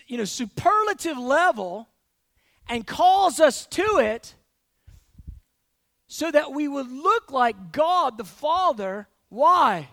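A man preaching a conversational sermon in a church, acting out everyday scenes with lots of quick restarts. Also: extremely high pitch, no echo. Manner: animated, acts out everyday scenes with frequent restarts.

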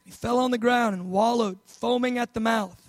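A man preaching a sermon, acting out Bible scenes with loud bursts and hushed, tender asides. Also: very high voice, steady tone, moderate pace, no room sound, rough recording. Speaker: pastor.

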